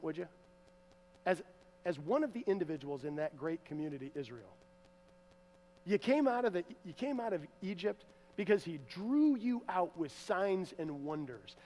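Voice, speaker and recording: A male pastor preaching a sermon, animated, swinging between loud emphasis and hushed asides. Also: high voice, long reverb tail.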